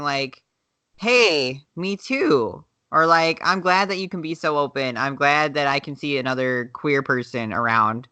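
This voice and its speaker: Woman, light Southern accent, bright voice, blunt and swears a lot, dry close mic, casual podcast chat. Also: sits low, dry recording. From American South. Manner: frank, swears freely, laughs often. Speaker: podcast co-host.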